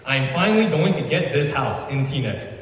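A man voicing an impatient young man who can't wait to become king, talking in an excited rush. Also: medium pitch, normal speed, lightly acted. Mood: elated. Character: eager young male would-be king, restless and impatient. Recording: echoey hall, voice from far off.

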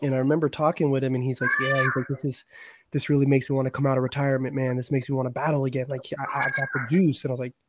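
A man's voice: medium pitch, flat delivery, racing, heavy background noise. A man in casual chat, telling stories loosely with slang and plenty of swearing. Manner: loose, profane storytelling with slang.

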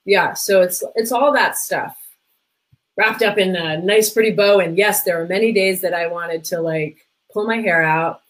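A middle-aged woman guesting on a podcast as a parenting coach chats casually about parenting, peppering her talk with "like" and briefly mimicking those she quotes. Her voice is on the low side, her pace moderate, and the recording low in quality.

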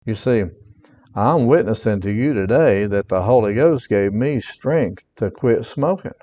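A man's voice: lowish voice, lively intonation, measured pace, warm tone, big-room sound, dull audio. A man who is a pastor giving an earnest personal testimony sermon, repeating his points and reading scripture aloud.

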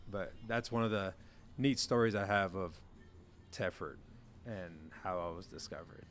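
A young man who played quarterback, telling stories in a casual chat and acting out quoted lines with sudden jumps in pitch. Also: measured pace, faint music behind. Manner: animated storyteller, acts out quotes with big jumps in pitch. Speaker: former college quarterback guest.

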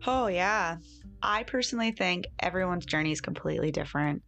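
A woman with a low voice and a gravelly edge talks as a podcast guest. She speaks with enthusiasm, in self-help phrasing, as a wellness coach. Faint music sits behind her. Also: expressive, a little fast, fairly bright tone. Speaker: holistic coach and nutritionist.

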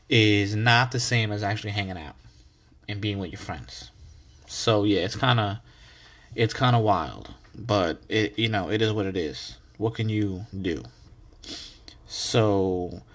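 Rambling, low-voiced man hosting a podcast. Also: fairly bright tone. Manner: rambling, restarts words, says he is wired on coffee; laid-back, swears casually. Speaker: podcast host. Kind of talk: casual solo podcast monologue.

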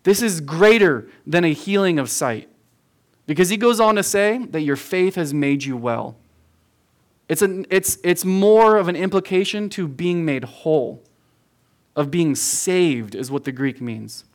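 His voice sits on the high side, animated yet a little slow, as he preaches a verse-by-verse sermon to a room of youth. The youth pastor is earnest and emphatic, leaning on repeated phrases and calling his listeners "guys."

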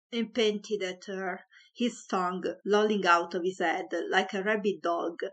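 A woman's voice: medium pitch, fairly bright tone. A woman reading a comic story aloud, with a wry, mock-dramatic narration.

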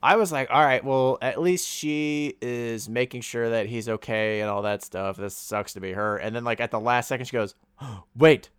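A man talks through a film in a relaxed podcast chat, animated as he retells scenes. His voice is smooth and resonant, close and dry with no room sound. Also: mid-range voice, normal speed, hardly any pauses, no room sound. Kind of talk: casual movie review chat.

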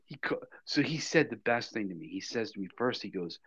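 Husky low-voiced man telling a story. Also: moderate pace, dry recording, lo-fi sound. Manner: dry, deadpan storytelling. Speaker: podcast co-host. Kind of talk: casual chat, storytelling.

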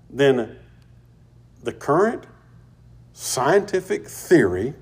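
A man's voice: mid-range voice, lively intonation, unhurried, breathy edge. A man teaching through a Bible passage, emphatic and repeating key phrases for stress.

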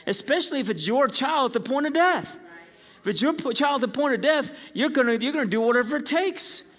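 Preaching pastor in a reverberant hall. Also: male voice, extremely high pitch, lively intonation, fairly quick. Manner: storytelling preacher, rising to loud emphatic peaks. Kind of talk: sermon. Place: church sanctuary. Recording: long church hall reverb.

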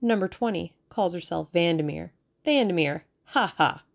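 A bold, playful young woman playing at detective, theatrical and conspiratorial in manner, as a woman reads her aloud. Her voice is a touch low with a gravelly edge. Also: lively intonation, moderate pace.

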